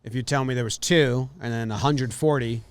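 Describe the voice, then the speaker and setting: A man's voice: medium pitch, steady tone, a little fast. A man hosting a casual podcast, reading a news story aloud and doubting it with a joking tone. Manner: skeptical, joking. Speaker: podcast host.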